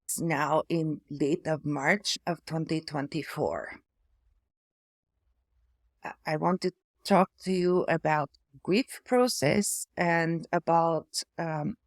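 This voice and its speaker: A middle-aged woman from Canada whose speech now has an Eastern European-sounding accent, talking slowly and haltingly with many pauses and fillers, affected by aphasia after a stroke. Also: deep voice, gravelly, a little mellow, dry recording, studio quality. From Hamilton, Ontario, Canada. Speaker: memoir vlogger, former priest. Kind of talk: personal reflective talk to camera.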